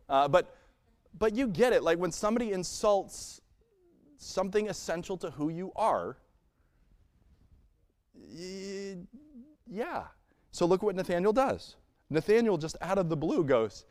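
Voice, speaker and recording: A pastor preaching a sermon in a conversational style, acting out little scenes and laughing along the way. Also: male voice, a little high, animated, moderate pace. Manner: conversational preaching with playful acted-out asides. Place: church sanctuary.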